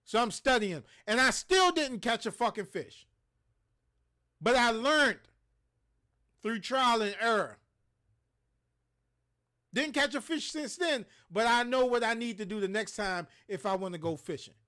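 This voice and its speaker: Man, high-pitched, livestream host, heated profane rant, preachy. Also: expressive, measured pace, pauses often, sharp tone. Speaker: show host.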